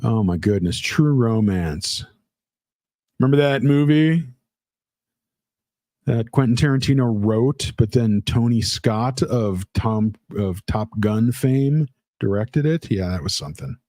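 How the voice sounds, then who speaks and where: A man's voice: fairly low pitch, a little slow, mellow, dry recording. A man hosting a casual livestream, reading out chat comments in a rambling, playful way with lots of fillers. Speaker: livestream host.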